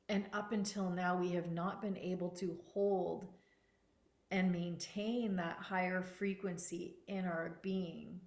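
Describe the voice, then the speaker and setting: A woman gives a spiritual teaching talk at a slow, unhurried pace. Her voice sits a little low and sounds soft and earnest, returning to the same words for emphasis. The room around her is echoey.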